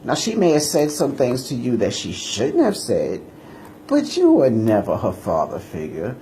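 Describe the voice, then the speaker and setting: A man's voice: medium pitch, wildly swooping pitch, normal speed, dark tone, slight background noise. A man delivering a combative, indignant monologue aimed at a rival, repeating his points over and over. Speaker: martial arts teacher answering a rival. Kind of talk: ranting monologue video.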